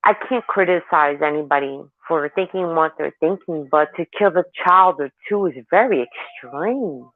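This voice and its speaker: A woman in her forties rambles candidly through her stories, her tone lively and frank. She comes through a thin, tinny phone line with a dry, close sound. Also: sits low, normal speed, few pauses, dry recording. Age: 40s. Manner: rambling, candid, animated storytelling. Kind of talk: casual chat.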